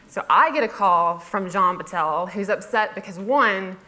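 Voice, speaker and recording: A woman's voice: mid-range voice, animated, moderate pace, sharp tone. A woman in a middle register tells a funny story to a live audience. Her delivery is wry and self-mocking, with comic timing and laughing asides. She slips into other people's voices when she quotes them. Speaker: blogger giving a talk. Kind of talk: humorous storytelling talk.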